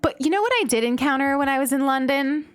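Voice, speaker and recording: Speaking fast in a high-pitched voice, a young American woman chats and laughs with her stream's chat while gaming. The recording is dry, and she's giggly and animated, reading chat and telling stories.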